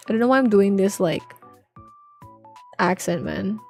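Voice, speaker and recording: A woman's voice: mid-range voice, measured pace, darkish tone, soft background music. A young woman streaming live, chatting casually and rambling with viewers, full of filler words and slang. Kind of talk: casual livestream chat with viewers.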